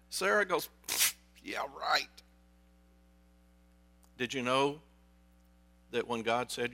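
A man's voice: fairly high pitch, pushed and bright. A man preaching a sermon as a pastor, telling stories in a conversational way and asking his listeners questions. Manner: conversational storytelling, asks the congregation questions.

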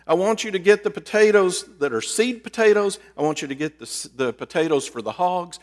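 A man's voice: high-pitched, lively intonation, brisk, voice pushed up. A man voicing a farmer who gives matter-of-fact orders. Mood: bossy. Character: bossy farmer giving orders. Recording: long reverb of a large hall.

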